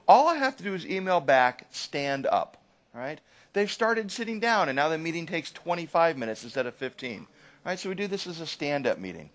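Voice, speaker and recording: A man giving a live lecture to an audience as an agile trainer, animated and often checking in with "right?". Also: high-pitched.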